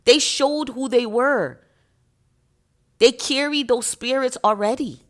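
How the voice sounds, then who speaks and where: A woman's voice: high voice, slow. A woman giving an impassioned, emotional spiritual monologue to her viewers in a preachy, emphatic way. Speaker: spiritual content creator.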